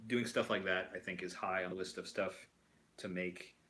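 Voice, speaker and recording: A man's voice: low-pitched, steady tone, moderate pace, bright, forceful tone, low-quality recording. A man hosting a casual chat while building a toy kit, rambling with lots of fillers and restarts. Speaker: host.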